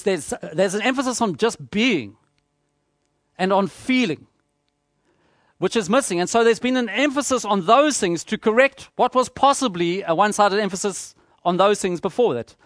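A man preaching a sermon, measured and emphatic, repeating phrases for rhetorical effect. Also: high-pitched, fairly bright tone, no echo, studio quality.

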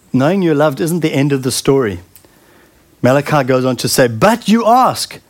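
Earnest preacher, slightly high voice. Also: male voice. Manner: earnest, warm-hearted address with pauses and repeated words. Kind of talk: sermon.

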